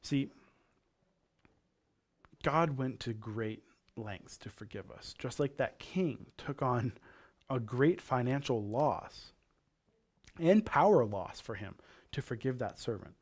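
A man's voice: mid-range voice, animated, takes it slowly, long pauses. A male pastor from Canada giving a sermon, telling a parable in a casual, conversational way.

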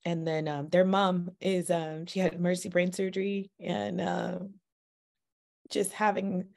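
A woman telling a personal faith story in a chatty, animated way, with sudden jumps in pitch and speed and plenty of "like" and "you know.". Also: unhurried, creaky. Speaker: mother sharing a personal testimony. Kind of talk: casual faith testimony storytelling.

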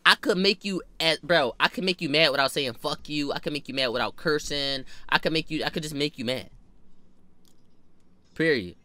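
Bright, punchy man telling a story. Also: a little high, normal speed, no echo. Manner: animated, slangy, profane, repeats himself for emphasis. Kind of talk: casual storytime.

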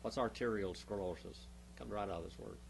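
A man's voice: fairly low pitch, brisk, vocal fry, slight background noise. A male pastor teaching a Bible class, emphatic, stopping often to quiz his listeners with questions.

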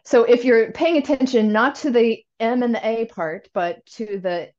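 A woman's voice: on the high side, moderate pace, darkish tone, highs cut off. A woman guest in an interview, explaining language learning in a thoughtful way, often correcting herself and acting out learner questions. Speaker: language education expert guest.

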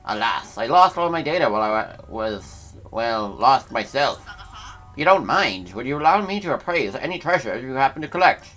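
A man's voice: mid-range voice, big pitch swings, normal speed, a bit bright, faint music behind, voice pushed up. A man voicing a polite, flustered male treasure appraiser in a formal, put-on accent, reading game dialogue aloud. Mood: courteous.

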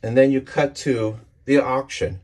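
A man's voice: medium pitch, steady tone, a little slow, darkish tone. A man casually walking through a comic book issue page by page, enthusiastic and rambling, often restarting his sentences.

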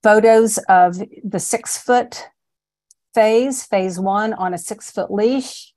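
A middle-aged woman dog trainer narrating a training lesson in a calm, step-by-step way. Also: mid-range voice, slow pace. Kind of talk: voice-over narration of training slides.

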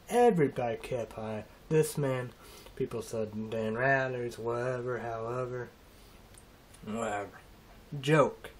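A vlogger with a mid-range voice rambles through a halting, emotional monologue in a casual vlog, often trailing off and starting again.

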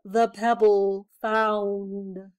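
A grand, mysterious magic lizard from a storybook, voiced by a woman, speaking very slowly and solemnly. The words are loud, measured and drawn out like a spell. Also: medium pitch, little pitch movement.

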